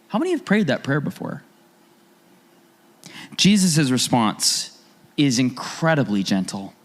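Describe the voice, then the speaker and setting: Guy preaching a sermon, pitch bouncing all over, chatty, keeps asking the crowd questions. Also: a little slow, pauses often. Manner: conversational, animated preaching with rhetorical questions. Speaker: pastor.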